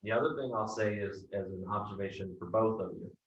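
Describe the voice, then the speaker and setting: Man, sales coach. Lowish, direct, heard distant and echoey on a call. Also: fairly quick, lo-fi sound, slight background noise. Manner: direct, keeps asking "right?". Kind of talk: coaching feedback.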